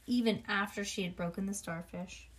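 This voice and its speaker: Woman reading a kids' storybook aloud, animated, chatty asides. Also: mid-range voice, moderate pace, a little hiss or hum. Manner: animated, with asides to a child listener. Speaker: reader. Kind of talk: reading a children's book aloud.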